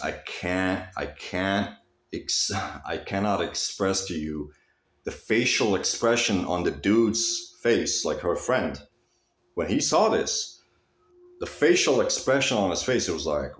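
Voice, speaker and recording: Animated, profane man talking in an echoey room. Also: fairly low pitch, a little slow. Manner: rambling, profane, with frequent restarts and animated swings. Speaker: vlogger. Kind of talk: casual monologue to camera.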